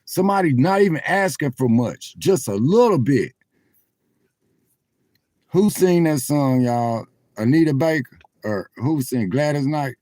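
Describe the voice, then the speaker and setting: A man's voice: a little high, lively intonation, a little slow, long pauses, darkish tone, dry recording. A man livestreaming from his car on his phone, chatting straight to viewers with preacher-like swells. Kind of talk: casual livestream chat. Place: in a parked car at a truck stop.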